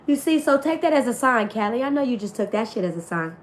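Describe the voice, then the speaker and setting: Expressive and medium-pitched, she reads tarot at normal speed with hardly any pauses, against background noise. Her spiritual reading for online viewers is casual, slangy and profane, delivered in a voice that's still healing.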